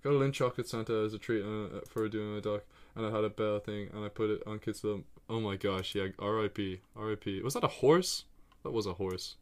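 Playing a geography guessing game live, a man talks excitedly and casually to his viewers and himself, cursing freely. His voice sits on the low side, and he speaks briskly.

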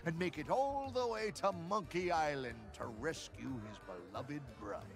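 Chatty game pirate barkeep, gravelly, up and down a lot. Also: male voice, on the high side, huge pitch swings, normal speed, exaggerated voice. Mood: yarn-spinning. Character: talkative male pirate tavern barkeep telling lore. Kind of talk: video game character dialogue. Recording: game audio with music behind.

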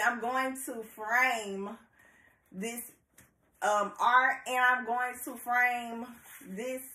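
A bubbly woman chats to her viewers, her voice bright and fairly high. She speaks slowly and laughs often. The sound echoes around a room at home. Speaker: YouTube reviewer. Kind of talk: excited casual vlog.

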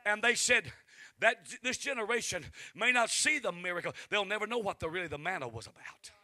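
A man preaching a revival sermon in a church, who climbs to shouting and calls for responses from the congregation. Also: high voice, expressive, fairly quick, dry recording. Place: church sanctuary.

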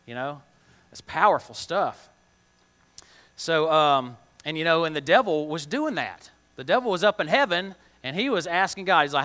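Male kids' church teacher, chatty and questioning; bright, slightly high voice. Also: lively intonation, moderate pace. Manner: chatty, asks kids questions, plain slangy words. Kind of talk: children's Bible lesson. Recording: long reverb of a large hall.

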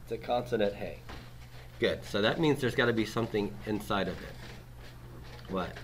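A man with a somewhat low voice lectures a class, walking through grammar rules step by step. He keeps checking in with his students and patiently quizzes them as he goes. A faint hiss sits under the classroom recording. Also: moderate pace. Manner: quizzes students, tags statements with "right?". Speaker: Hebrew grammar teacher.

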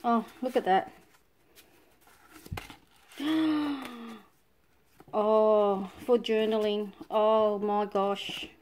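A woman's voice: mid-range voice, little pitch movement, slow, few pauses, a little mellow, a little hiss or hum. A woman with an Australian accent, chatting casually as she unboxes scrapbooking supplies, full of delighted exclamations. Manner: gushing, breathy exclamations of delight. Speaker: scrapbooking vlogger.

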